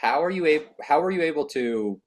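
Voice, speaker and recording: A man's voice: on the high side, lively intonation, fairly quick. A man hosting a podcast, asking his guest supportive follow-up questions. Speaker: podcast host. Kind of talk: interviewing a guest.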